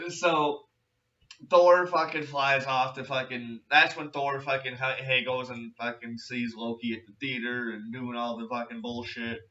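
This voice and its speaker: A man's voice: medium pitch, steady tone, a little slow, bright, forceful tone, far from the mic. A young man hosting a casual movie review chat, rambling and swearing as he retells scenes. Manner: rambling, profane, retells scenes with quoted voices. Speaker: podcast host. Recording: lo-fi, roomy, from off-mic.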